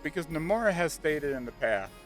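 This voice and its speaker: A man chatting casually and excitedly about a video game, rambling with lots of fillers. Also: on the high side, brisk. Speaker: gaming channel host. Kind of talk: casual speculative chat. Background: faint background music.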